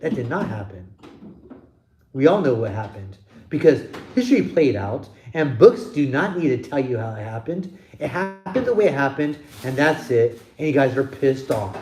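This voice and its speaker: Emphatic, swearing man with a lively voice. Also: mid-range voice, moderate pace, a little hiss or hum. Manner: blunt, emphatic, heavy swearing. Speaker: channel host. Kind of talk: profane opinion rant.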